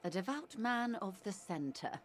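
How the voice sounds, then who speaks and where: An actress voicing a composed, worldly woman who explains politics in a measured, dry way. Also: medium pitch, sing-song. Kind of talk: game voice acting.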